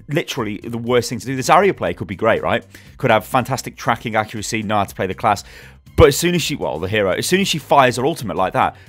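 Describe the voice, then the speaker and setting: A man's voice: mid-range voice, fairly bright tone. A young man giving rambling, exasperated casual commentary as a gaming YouTuber, with frequent restarts and mock outbursts.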